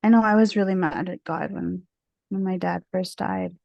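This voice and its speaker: Talkative, expressive woman from India. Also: fairly low pitch, normal speed, creaky, dry recording, muffled recording. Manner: talkative, expressive, easily sidetracked. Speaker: guest speaker. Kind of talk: casual discussion.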